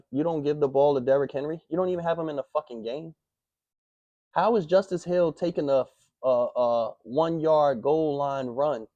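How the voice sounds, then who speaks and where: A man ranting through a sports recap in loose slang and a stream of curses. His voice is dark and mellow, and he flares up into sudden outbursts. The sound is dry and close, with no room around it. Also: medium pitch, no echo. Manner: heated, profane, slangy, rapid outbursts. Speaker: sports picks show host. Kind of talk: casual sports recap rant.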